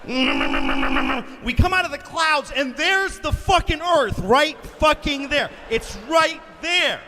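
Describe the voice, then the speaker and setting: A man's voice: very high voice, wildly swooping pitch, slow pace, vocal fry, bright, forceful tone. A middle-aged man doing stand-up comedy, telling a story in a profane, exasperated, sardonic way. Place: live comedy venue. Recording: echoey live hall with ambient noise.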